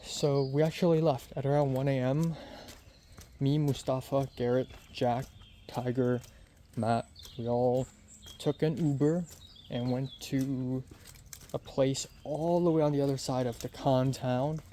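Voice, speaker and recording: A man's voice: mid-range voice, fairly even intonation, a little slow, dark tone, slight background noise. A man in his twenties telling a story in a casual vlog, rambling and chatty with lots of fillers. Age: 20s. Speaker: vlogger.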